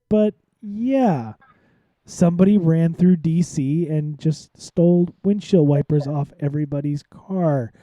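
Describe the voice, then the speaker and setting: Tired male podcast co-host, very dark mellow tone, dry close sound, rambling with restarts. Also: a little high, dry recording, dull audio. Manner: rambling, many restarts and fillers. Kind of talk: live podcast commentary.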